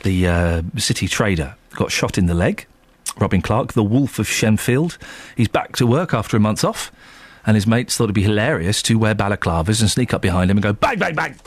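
A man hosting a radio show, chatting casually and reading listener emails aloud in a jokey, animated way. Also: on the low side, brisk, no room sound. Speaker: radio host.

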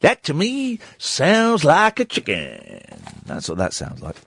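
A man chats on late-night radio in a rambling, excitable way. His pitch swings widely as he talks. The studio sound is dry and close. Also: slow, gravelly, breathy edge, dry recording. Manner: rambling, excitable, self-mocking. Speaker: radio presenter. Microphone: studio microphone.

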